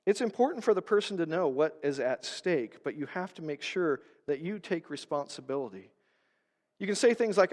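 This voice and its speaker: A male pastor giving an emphatic sermon, pushing his stresses loud and then dropping to quiet, low asides. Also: lively intonation, normal speed, big-room sound. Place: church sanctuary.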